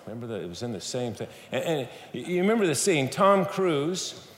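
A man's voice: medium pitch, fairly quick. Man, sermon, playful storytelling, addresses the audience, roomy reverb, faint background noise. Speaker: guest speaker at a church service. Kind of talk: sermon with humor and audience interaction. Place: church sanctuary. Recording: echoey hall, faint room noise.

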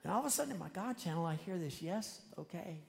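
A man preaching a sermon to a congregation, earnest and conversational, sometimes rushing through animated asides. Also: high-pitched, creaky. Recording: long hall reverb.

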